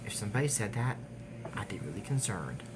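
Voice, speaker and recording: A man recapping an animated series in a casual, digressive way, trailing off with fillers and little laughs. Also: fairly low pitch, a little fast, a little hiss or hum. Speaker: YouTube recap host. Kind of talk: casual rambling episode recap.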